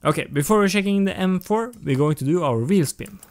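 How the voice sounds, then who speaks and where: Halting man commenting on a race game. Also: high-pitched, animated, a little mellow. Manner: rambling, halting, with frequent restarts and self-talk. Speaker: gaming channel host. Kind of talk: casual racing game commentary. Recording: game music playing over the voice.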